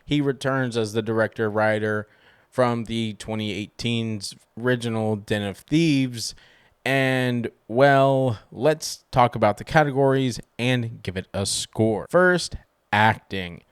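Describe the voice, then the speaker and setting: A man giving a casual spoken film review, animated, with sudden jumps in pitch for emphasis. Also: takes it slowly, clean tone, dry recording, clean studio sound.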